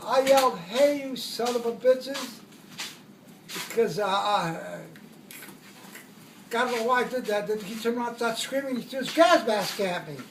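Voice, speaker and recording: A man's voice: high voice, moderate pace, reverberant, far from the mic, background noise. An older man, a war veteran, tells his stories in a rambling way, correcting himself as he goes and chuckling at his own jokes. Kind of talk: oral history storytelling.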